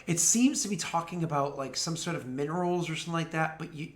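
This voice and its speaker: Man from New England in his thirties, game master, slightly high voice, rambling narration. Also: fast talker. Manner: loose, rambling storyteller full of "like" and "uh".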